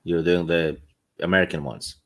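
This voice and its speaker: Deep-voiced, dry Norwegian man. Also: fairly even intonation, moderate pace. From Norway. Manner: dry, low-key, brief remarks. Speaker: podcast co-host. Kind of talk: casual chat.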